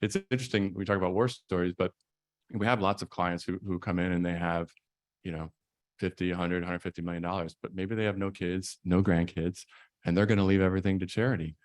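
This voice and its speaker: A man, an estate planning attorney, giving a measured, explanatory conference presentation. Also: low voice, fairly even intonation, no room sound, studio quality.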